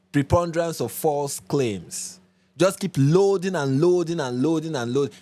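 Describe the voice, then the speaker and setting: A man hosting a commentary channel, from Nigeria, explaining his point emphatically and with a lot of repetition. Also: on the high side. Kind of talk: reaction commentary.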